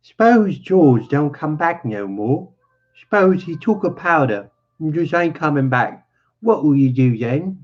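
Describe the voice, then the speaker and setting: Man doing lonely older stable hand, slow drawling pleas, raised pitch, muffled lo-fi sound. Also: expressive. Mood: needling. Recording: dull lo-fi.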